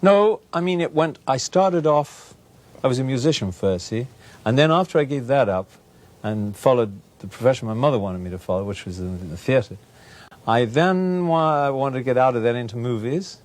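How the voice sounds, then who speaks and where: A man's voice: mid-range voice, lively intonation, normal speed, a little mellow. Hesitant Englishman on a talk show. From England. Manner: hesitant, many fillers, playful. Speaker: guest actor.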